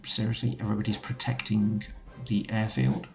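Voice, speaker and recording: A man's voice: fairly low pitch, lively intonation, normal speed, gravelly, highs cut off, music in the background. A man commentating a strategy game let's play, thinking aloud as he gives orders to his units. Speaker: gaming channel host.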